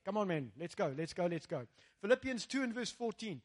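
A pastor with a South African English accent preaches a rousing sermon in a voice that sits high and sing-song, moving a little fast. He calls out to the congregation and slips into Afrikaans phrases.

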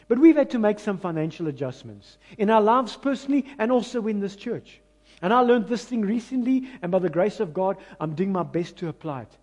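Animated South African preacher, high voice. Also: male voice. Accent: South African, mixing in Afrikaans. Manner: animated preaching, swings between loud and hushed; self-mocking, conversational asides to the congregation. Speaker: pastor. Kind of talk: sermon.

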